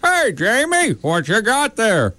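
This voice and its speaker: A man's voice: very high-pitched, huge pitch swings, slow pace, sharp tone, no room sound, heavily acted. A man voicing a dog owner and husband in a cartoon, scolding and impatient. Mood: friendly. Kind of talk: cartoon voice acting.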